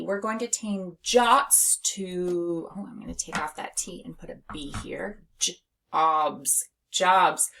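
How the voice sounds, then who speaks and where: A woman reading teacher leading a phonics lesson for young children, slowly and clearly sounding out letters and words. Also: fairly low pitch, a bit bright. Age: adult.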